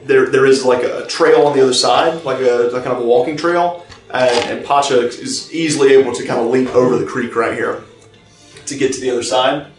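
A man narrating as game master of a tabletop game, pausing and restarting as he describes scenes. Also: medium pitch, fairly even intonation. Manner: halting, many fillers and restarts while describing scenes. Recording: roomy, distant mic, faint music behind.

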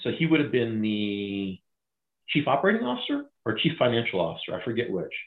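A middle-aged man retelling a crisis story in an interview, animated and acting out the voices of others. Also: medium pitch, a little fast. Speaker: guest, former bank crisis manager. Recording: echoey, phone-like audio.

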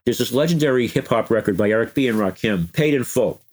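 An older man telling animated, chuckling stories as an interview guest, slipping into quoted voices. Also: mid-range voice, quick pace. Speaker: interview guest, former music news editor. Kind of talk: anecdotal interview storytelling.

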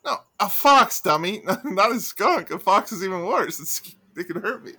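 Podcast co-host: man with a somewhat high voice, blunt, swearing, mock-angry rants. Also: animated, moderate pace, sharp tone, slightly rough. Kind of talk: casual chat.

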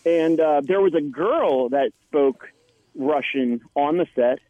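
A man, an actor guest, tells stories in a chatty, rambling way. His voice sits a little high for a man. It comes through a dry, tinny phone line. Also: slow pace, warm tone, no echo. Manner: chatty storyteller with many restarts. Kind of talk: casual interview anecdote.

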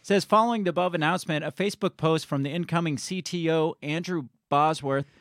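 A man's voice: fairly high pitch, brisk, a bit bright, no room sound, clean studio sound. A man co-hosting a casual talk stream, reading news aloud and adding his own blunt comments, often laughing and swearing. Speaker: co-host of a live-streamed talk show.

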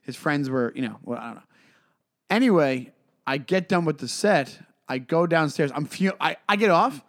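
A man's voice: on the high side, moderate pace. A man in his forties, a comedian co-hosting a podcast, telling stories in casual chat with lots of swearing and restarts. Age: 40s. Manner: animated, swearing, many restarts.

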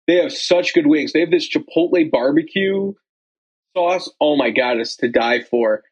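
A man's voice: on the high side, expressive, moderate pace, husky, highs cut off. A young man co-hosting a casual chat, telling loose, rambling stories full of fillers. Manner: rambling storyteller, lots of likes and ums. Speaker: podcast co-host.

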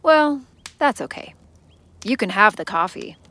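A woman's voice: medium pitch, very animated, unhurried, bright, forceful tone, heavily acted. An actress playing a smug, teasing young woman who talks playfully.

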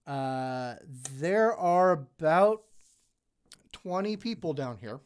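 A game master narrating a tabletop role-playing game with a halting delivery full of fillers. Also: mid-range voice, animated.

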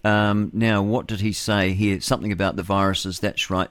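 A man's voice: lowish voice, level tone, brisk, hardly any pauses, dry recording. A man hosting a radio talk show, rambling bluntly through his opinions and chuckling to himself. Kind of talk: opinionated solo radio monologue. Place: radio studio.

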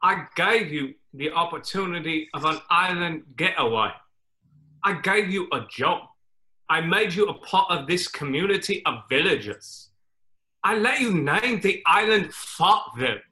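A man's voice: sits high, expressive, exaggerated voice. Tom Nook, a man doing a Cockney raccoon mobster. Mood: menacing. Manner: slow, quietly threatening, clipped broken grammar. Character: menacing raccoon loan-shark mogul, male, cold and threatening. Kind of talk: comedy sketch table read over video call.

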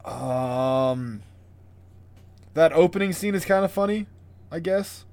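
A man's voice: a little high, animated, slow, a little mellow. A man co-hosting a casual podcast, sarcastic and swearing freely. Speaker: podcast co-host. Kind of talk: casual chat.

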